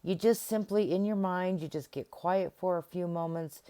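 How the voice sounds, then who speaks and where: Woman, middle-aged, low voice, mellow tone, casual self-help talk, acts out dialogue. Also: normal speed, clear, resonant tone. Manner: conversational, acts out remembered dialogue. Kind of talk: casual personal talk to camera.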